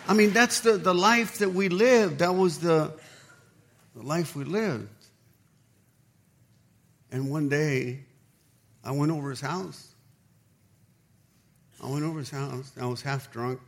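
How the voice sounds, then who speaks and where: High-voiced man preaching a lively sermon. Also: slow, long pauses. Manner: animated storytelling, acts out quoted dialogue. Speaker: pastor.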